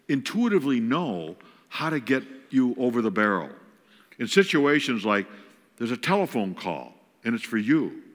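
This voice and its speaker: A guest speaker at a church, this man delivers a humorous, folksy sermon on parenting in a medium-pitched, slightly bright voice. The recording has a big-room quality from the auditorium.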